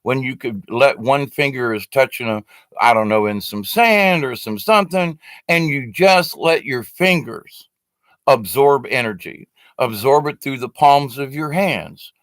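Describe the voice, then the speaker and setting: A man's voice: medium pitch, measured pace, fairly bright tone, no room sound. A man giving a casual, rambling spoken teaching to a live stream audience, talking to his webcam with many fillers and restarts. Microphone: webcam facing the speaker.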